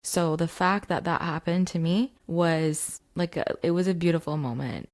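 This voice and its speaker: A woman's voice: fairly low pitch, moderate pace, darkish tone. A woman, a mindset coach, telling a story to camera in a chatty way with many fillers. She is recording in her home basement.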